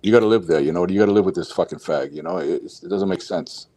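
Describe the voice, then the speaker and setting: Blunt, profane low-voiced man. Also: fast talker, mellow, no echo. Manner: blunt, profane, giving advice. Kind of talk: casual chat.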